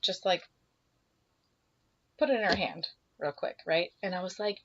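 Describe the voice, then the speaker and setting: A woman's voice: lowish voice, moderate pace, long pauses. A young woman chats to her camera, telling a personal story and acting out both sides of a conversation, sometimes dropping into whispers. She sounds a little emotional and teary. The recording is slightly dull and lo-fi. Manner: animated, acts out dialogue, drops to whispers. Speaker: vlogger.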